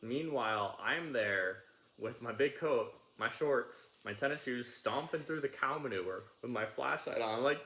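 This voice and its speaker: A young man casually telling a family story with his wife, animated in the lively parts. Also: medium pitch, measured pace. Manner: animated, shouting in re-enacted bits. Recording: echoey room with noise.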